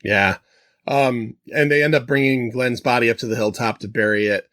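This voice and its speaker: A man's voice: medium pitch, steady tone, normal speed, a bit bright, no room sound, studio quality. A man co-hosting a casual podcast, talking in a thoughtful, reflective way. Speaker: podcast co-host. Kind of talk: casual chat.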